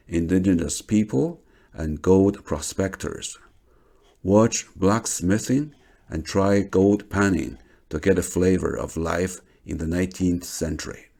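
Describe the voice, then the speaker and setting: A man giving a measured, scripted documentary narration. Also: low voice, creaky, a little mellow.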